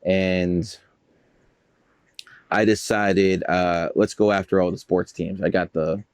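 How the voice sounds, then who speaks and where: A man with a fairly low voice spins loose, boastful stories, swearing freely and wandering off track. The sound is dry and close, with no room around it. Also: little pitch movement, slow, clear, resonant tone, no room sound. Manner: boastful, profane, rambling. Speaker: guest, numerologist. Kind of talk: casual storytelling interview.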